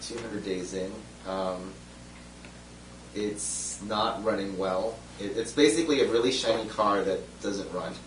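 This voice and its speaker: Male participant, lowish voice, terse, echoey distant room. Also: measured pace. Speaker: focus group participant. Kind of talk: casual opinion in group discussion. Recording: roomy distant recording with faint noise.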